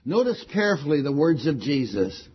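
A man's voice: on the high side, sing-song, fairly quick, breathy edge, muffled recording. A man preaching a sermon, stressing key words again and again with rising emphasis.

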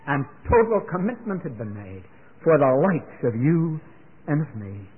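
A man's voice: on the high side, sing-song, a little slow, husky. An older man preaching a sermon in an earnest way that builds to fervent exclamations. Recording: tinny phone-like radio broadcast.

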